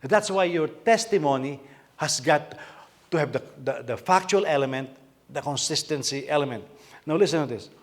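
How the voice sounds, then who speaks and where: A Filipino pastor delivers an animated sermon full of repetition and rhetorical questions. His voice is fairly high for a man, and he speaks at a normal speed.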